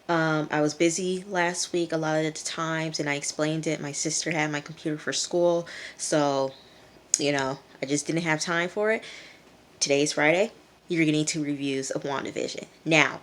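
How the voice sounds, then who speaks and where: A woman's voice: low voice, a bit bright. A woman reviewing a TV episode in a casual vlog, chatty and loose, acting out characters' lines in a raised voice.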